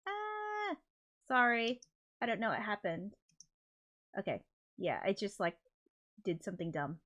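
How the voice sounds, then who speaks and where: A woman's voice: medium pitch, animated, unhurried, fairly bright tone. A woman hosting a casual livestream, flustered and apologetic as she talks, swearing under her breath. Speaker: livestream host.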